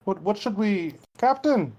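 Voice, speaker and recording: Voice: medium pitch, animated, unhurried, dark tone, pitched above the performer's own voice, close to an everyday voice, poor audio. A player voicing a fawning pirate lookout in a tabletop game, calling breathlessly to the captain. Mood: alarmed. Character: adoring pirate lookout in a crow's nest.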